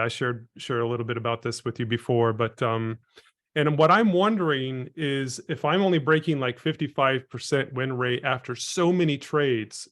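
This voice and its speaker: A man on a live call asking his mentor a question, earnest and thinking out loud with frequent fillers. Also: mid-range voice. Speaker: caller, student trader.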